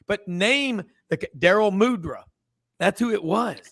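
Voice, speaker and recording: A sports radio host talks in a rambling, chatty way, piling up asides and restarting his sentences. His voice sits fairly high for a man. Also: lively intonation, a little slow, gravelly, fairly bright tone. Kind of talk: casual sports talk.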